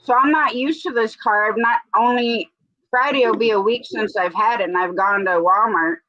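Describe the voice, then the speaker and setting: High bright man, rambling. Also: moderate pace, no echo. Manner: rambling, self-mocking. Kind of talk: casual chat. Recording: dull lo-fi sound.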